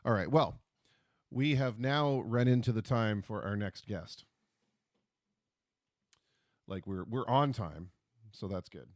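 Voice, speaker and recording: A man's voice: fairly low pitch, slow, pauses often, dry recording, clean studio sound. A man hosting a casual livestream, talking at his computer with jokey, self-deprecating asides and puns. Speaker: livestream host.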